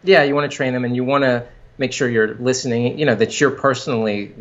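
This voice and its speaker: A man, a company founder, talking casually in an interview, halting with frequent restarts and fillers. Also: medium pitch, fairly even intonation, a bit bright, highs cut off.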